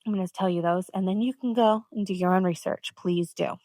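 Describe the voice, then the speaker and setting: A woman hosts her own podcast, delivering an earnest, emphatic solo monologue that rambles and is full of fillers. Her voice is on the low side, mellow and brisk, with no room sound.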